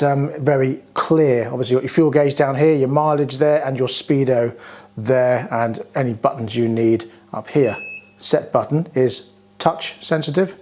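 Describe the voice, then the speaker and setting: A man's voice: mid-range voice, a little mellow, a little hiss or hum. A British man giving a casual, plain-spoken walkaround review of scooters, pointing out features as he goes.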